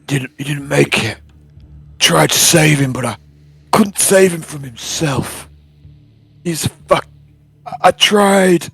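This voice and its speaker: A man playing a gruff, gravelly fighter. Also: a little high, slow, pauses often, fairly bright tone, dry recording, heavily acted. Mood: grieving.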